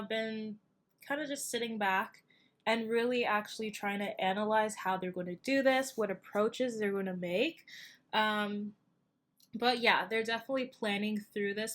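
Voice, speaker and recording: A woman's voice: medium pitch, a bit bright. A young woman giving a casual tarot reading, chatty and loose, with many fillers and asides, sounding tired. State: tired, yawning. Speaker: tarot reader.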